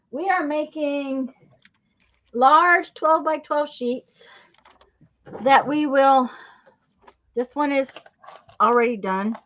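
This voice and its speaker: Her voice is high-pitched and a bit bright. She's a craft channel host running an informal live stream, telling rambling stories with many fillers and restarts, all in dull lo-fi audio.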